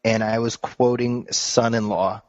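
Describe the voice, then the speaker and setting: A man's voice: mid-range voice, steady tone, unhurried, no room sound. A man hosting a podcast who rambles in casual chat and is amused by himself. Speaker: podcast host. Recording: dry, dull lo-fi sound.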